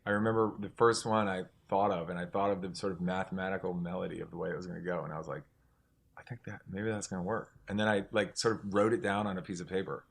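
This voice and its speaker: A middle-aged man with a notably deep, low voice talks casually as an interview guest. He rambles and restarts his sentences, filling gaps with "like" and "um" as he works toward his point. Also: fairly even intonation, fast, vocal fry, hardly any pauses, husky. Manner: rambling, many restarts and "like" fillers. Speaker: singer-songwriter guest.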